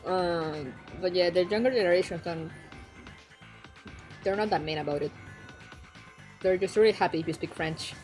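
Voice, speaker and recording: A young woman streaming and chatting casually, frank and quick to swear, laughing often. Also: lowish voice, darkish tone. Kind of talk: casual chat. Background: faint background music.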